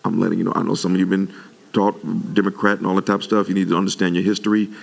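A male pastor preaching to his congregation with a very gravelly, rough-edged voice that sits on the low side. His delivery is animated, and his pitch leaps up whenever he gets worked up. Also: rapid-fire. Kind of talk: sermon.

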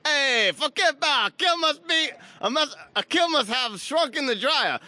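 A man putting on a loud, brash tough-guy New Yorker with a New York accent. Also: extremely high pitch, lively intonation, moderate pace, pitched above the performer's own voice, full character voice.

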